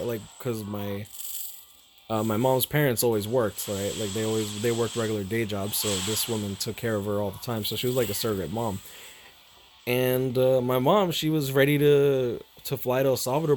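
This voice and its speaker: Young male streamer, mid pitch, rambling, emotional, curses casually, faint hiss behind. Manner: rambling, repeats himself, swears freely; emotional, halting. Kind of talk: casual storytelling to viewers.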